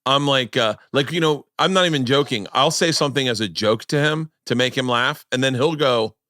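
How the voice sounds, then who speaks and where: A man hosts a podcast in easy, casual chat, his voice at an everyday middle pitch. He tells rowdy stories and swears freely. The sound is close and dry. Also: fairly quick, bright, forceful tone, no echo. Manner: boisterous storyteller, swears freely. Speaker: podcast host.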